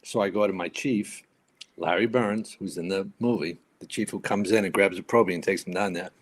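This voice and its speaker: A retired American firefighter appears as a podcast guest, telling stories in casual conversation with a deep, brisk voice. He's an animated storyteller who acts out the lines of the people in his tales.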